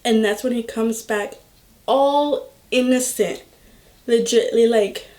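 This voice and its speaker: A young woman vlogger telling a personal story in a slow, halting way, full of filler words. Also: fairly high pitch, warm tone. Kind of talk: storytime vlog.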